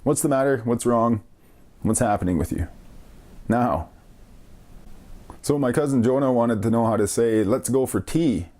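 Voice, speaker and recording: Male radio host, warm mellow tone, casual teacher, repeats phrases patiently, informal and self-deprecating. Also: medium pitch. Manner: explains slowly, repeats phrases carefully, light laughs. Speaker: language lesson host. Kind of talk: casual radio language lesson.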